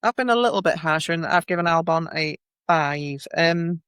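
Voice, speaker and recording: Chatty man with a smooth, higher voice. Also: moderate pace, fairly bright tone, no room sound, studio quality. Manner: chatty, musing aloud, hesitant restarts. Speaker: podcast host. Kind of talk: casual podcast chat.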